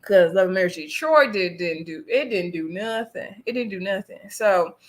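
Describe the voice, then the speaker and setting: A woman's voice: medium pitch, animated, moderate pace. A woman hosting a casual live recap of a reality show, chatty and sassy, talking straight to her viewers as y'all. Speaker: host reviewing a reality show.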